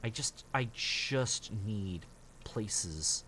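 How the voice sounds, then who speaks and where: A man's voice: lowish voice, expressive, drawn-out words, fairly bright tone, a little hiss or hum. A man streaming a survival game, grumbling and swearing at his bad luck and mocking himself as he plays. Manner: grumbling, profane, self-mocking. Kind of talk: casual gameplay commentary.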